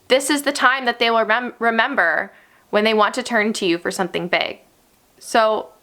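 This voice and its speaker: A young adult woman, an early childhood educator, gently giving parents advice on helping young children through stress. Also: a little high. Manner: gentle, instructive, uses "therefore" often.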